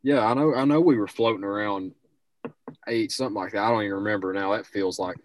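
A man's voice: lowish voice, quick pace, a little hiss or hum. A young man co-hosting a casual sports talk show, giving rambling, opinionated takes and restarting his sentences often.

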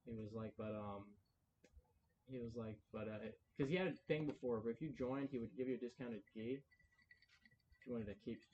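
A man's voice: mid-range voice, moderate pace, pauses often, a little mellow, muffled recording, a little hiss or hum. A young man telling a long story in casual podcast chat, rambling, with many "like"s and acted-out quotes. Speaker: podcast co-host.

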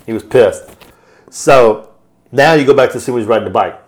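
A man on a podcast casually retelling a film's plot in a loose, rambling way, slipping into quick voiced quotes. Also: medium pitch. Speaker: podcast host. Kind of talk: casual movie recap.

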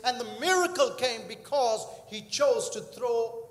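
A man's voice: very high-pitched, lively intonation, unhurried. A male pastor preaching a sermon, telling a story with frequent fillers and acted-out quotes. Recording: echoey hall with long reverb.

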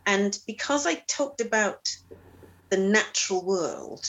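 Animated woman telling a story. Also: mid-range voice, slow, gravelly, low-quality recording. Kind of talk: casual conversation.

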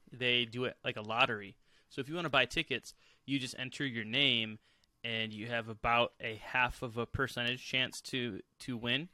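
Bright-voiced man, dry close sound. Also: mid-range voice, no room sound. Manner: relaxed, explanatory, with many filler pauses. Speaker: podcast co-host. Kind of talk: casual sports podcast chat.

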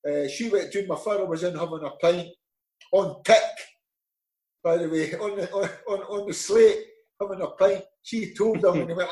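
A middle-aged man with a Scottish accent, a former footballer telling animated anecdotes in an interview, acting out the voices in them. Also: high-pitched, normal speed, roomy sound, low-quality recording. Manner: lively, animated storyteller acting out dialogue. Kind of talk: anecdotal storytelling.

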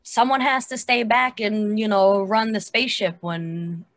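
A woman's voice: medium pitch, fairly even intonation, measured pace, fairly bright tone. A woman co-hosting a podcast, chatting animatedly about a TV episode with lots of fillers. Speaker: podcast co-host. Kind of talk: casual chat reviewing a TV episode.

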